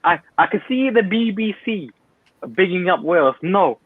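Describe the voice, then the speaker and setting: A young man rants loudly about football, all hot takes and quick asides. His voice sits a little high. It comes through a tinny, dry phone-like line. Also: expressive, husky, dry recording. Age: young adult. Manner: loud, ranting, opinionated, quick asides. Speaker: guest pundit. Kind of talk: heated football banter.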